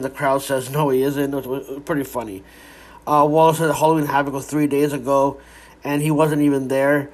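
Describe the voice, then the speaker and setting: A man giving a casual, rambling recap of a wrestling show, with frequent restarts and some swearing. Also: mid-range voice.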